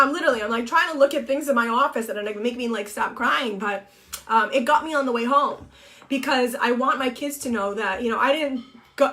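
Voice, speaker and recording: A middle-aged woman and blogger talking on a Facebook Live, tearful and halting with many restarts, crying as she speaks. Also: high-pitched, a bit bright. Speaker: blogger and TV co-host. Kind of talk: emotional Facebook Live monologue. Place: home office.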